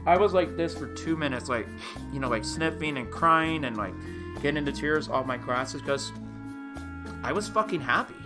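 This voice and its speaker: A young man streams live, chatting casually with his viewers in an emotional, rambling way and often saying "dude." His voice is fairly high with lively intonation at a moderate pace, and music plays clearly behind him.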